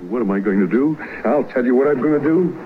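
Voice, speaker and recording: Actor as a bold sitcom skipper, lively swooping voice, slightly high, dull old TV audio. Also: male voice, quick pace, a little hiss or hum, natural voice. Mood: resolute. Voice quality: bold, theatrical delivery. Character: blustery middle-aged male ship captain. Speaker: sitcom character. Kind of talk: 1960s sitcom acting.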